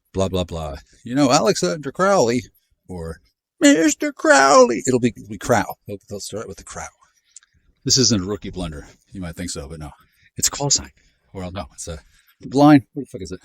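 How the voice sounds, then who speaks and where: Low-voiced man in his fifties, sardonic profane vlogger on a walk, jumpy delivery. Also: no echo. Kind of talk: rambling monologue while walking. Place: outdoors in a neighborhood.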